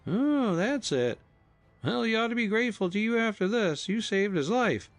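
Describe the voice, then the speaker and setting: A man puts on a cool, wry young fellow with a raised, animated voice. The reading sounds close and dry. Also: sits high, normal speed, dry recording, soft background music, pitched above the performer's own voice. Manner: cool, mocking.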